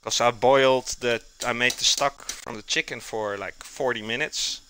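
A man with a non-native English accent hosts a live cooking stream. His voice is bright and sharp. He rambles in a relaxed way and stops to answer viewers' chat messages between steps. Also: medium pitch, moderate pace, slight background noise, rough recording.

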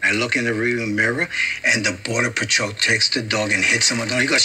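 A man's voice: fairly low pitch, brisk, husky, poor audio. A middle-aged man recounting an anecdote in a documentary interview, acting out the lines he quotes. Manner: lively storyteller acting out quotes. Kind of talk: anecdote told to camera. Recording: music playing underneath.

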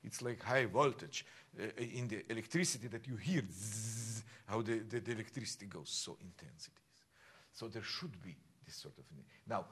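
A man's voice: fairly low pitch, moderate pace, husky. An older man teaching a piano masterclass, explaining at length and singing phrases aloud to his student. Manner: animated, sings phrases and shouts encouragement. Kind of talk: masterclass coaching.

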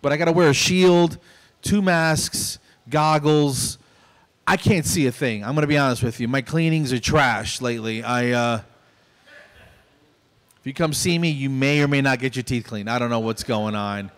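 A man's voice: mid-range voice, normal speed, smooth. A middle-aged man performing a stand-up comedy set on stage in a conversational, self-deprecating way. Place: stage at a small venue.

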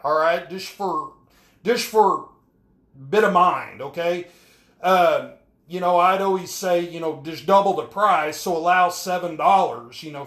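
A man, rambling folksy jokes in a home-repair vlog, soaked and frustrated. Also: high-pitched. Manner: folksy, rambling, keeps asking "all right?". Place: small bathroom. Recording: echoey bathroom.

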